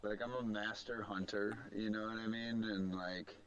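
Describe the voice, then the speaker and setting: A man's voice: fairly low pitch, fairly even intonation, moderate pace, clean tone. A man playing a tabletop game, complaining about his dice and rambling with fillers. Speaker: player. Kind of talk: casual tabletop game banter.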